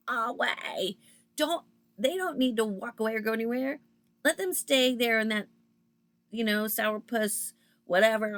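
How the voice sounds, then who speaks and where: A woman in her fifties telling a story in a casual, chatty monologue, acting out both sides of the conversations as she goes. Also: mid-range voice. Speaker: vlogger.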